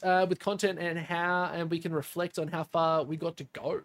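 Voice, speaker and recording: A man's voice: fairly high pitch, normal speed. Young man telling stories animatedly. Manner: animated storytelling, acts out quotes; swears casually. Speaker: podcast co-host, streamer. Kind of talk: casual podcast chat.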